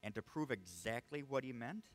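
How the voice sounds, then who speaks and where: A man's voice: mid-range voice, expressive, normal speed. A man preaching a sermon, earnest and emphatic, often restarting his words as he presses a point. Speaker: pastor.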